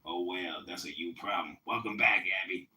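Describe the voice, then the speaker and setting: A man's voice: deep voice, pushed and bright, reverberant, recorded from a distance. A man hosting a crude call-in podcast, swearing and mocking his callers. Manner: swearing, mocking, reads a parable slowly. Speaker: podcast host and candidate. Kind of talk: crude casual chat with callers.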